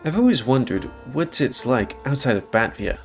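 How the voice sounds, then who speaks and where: A man's voice: mid-range voice, big pitch swings, moderate pace, soft background music. A man voicing a polite, eager young grandson who keeps addressing his elder as sir.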